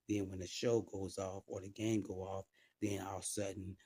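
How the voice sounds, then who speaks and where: Man, informal preacher, conversational, asides to the listener, husky voice, dry close sound. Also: low-pitched, level tone, moderate pace, dark tone, no room sound.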